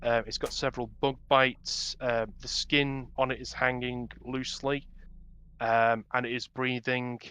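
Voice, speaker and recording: This man narrates a tabletop game in a bright, crisp, clear voice. He describes each scene slowly and in detail, often pausing on ums and restarting his sentences. His delivery stays descriptive throughout. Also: mid-range voice, flat delivery. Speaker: game master.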